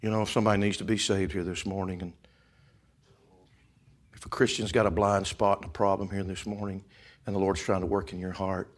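A man preaching a sermon, swinging from loud shouting to hushed whispers. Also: sits low, little pitch movement, fairly quick, long pauses. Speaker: pastor.

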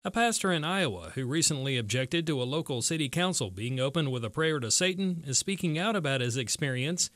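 A man reading a radio newscast as the anchor, steady and measured. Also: a little high, dry recording. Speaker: news anchor.

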